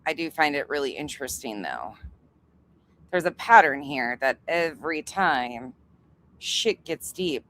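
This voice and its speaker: Exasperated, lively reaction host. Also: medium pitch, measured pace, slight background noise. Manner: exasperated, blunt, profane. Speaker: commentary channel host. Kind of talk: reaction commentary.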